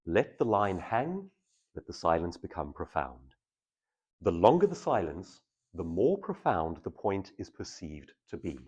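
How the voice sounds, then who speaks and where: A man's voice: deep voice, big pitch swings, unhurried, a little mellow, breathy edge. A man, a public speaking trainer, giving a live workshop talk to an audience and shifting between intense and casual delivery.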